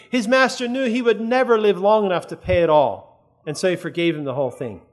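A man's voice: high voice, brisk. A man preaching a sermon in an earnest, conversational way, often checking that his listeners follow.

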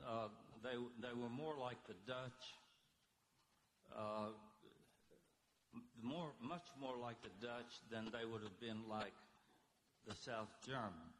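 A man lecturing slowly and deliberately, pausing often with fillers as he works through his points. There is a faint hiss under his voice. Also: medium pitch, a bit bright, rough recording. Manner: halting, many fillers and pauses. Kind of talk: unscripted history lecture.

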